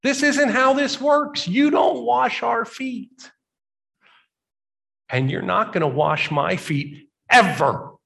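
A man putting on the voice of an exuberant, impulsive disciple who protests in high, shouting outbursts. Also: takes it slowly, gravelly, full character voice. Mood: indignant.

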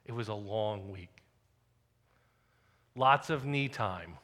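A man preaching a sermon as the pastor, telling a personal story in a conversational way and dropping to quiet asides. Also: fairly low pitch, lively intonation, takes it slowly.

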